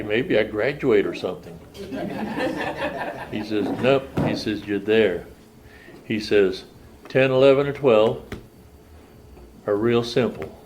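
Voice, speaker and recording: A man's voice: on the low side, a little hiss or hum. An older man telling his recovery story at a meeting, plain-spoken and folksy. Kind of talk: personal testimony at a meeting. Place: meeting room.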